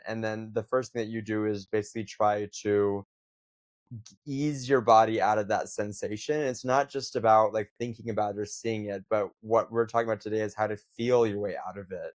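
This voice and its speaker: Low-voiced, reflective male host. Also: darkish tone. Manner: reflective, searching, many fillers. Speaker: interview host. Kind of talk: conversational interview.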